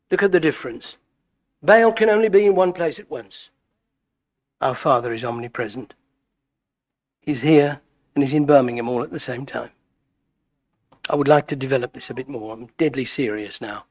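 A middle-aged man preaching a sermon, animated and full of stammered restarts. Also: moderate pace, long pauses. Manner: animated, wide swings in pitch and loudness, frequent stammered restarts. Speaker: visiting preacher.

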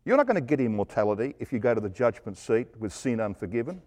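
A middle-aged man preaches an expository Bible sermon with emphasis, posing rhetorical questions and shifting from loud stresses to hushed asides. His mid-range voice swings widely in pitch, and he talks fast.

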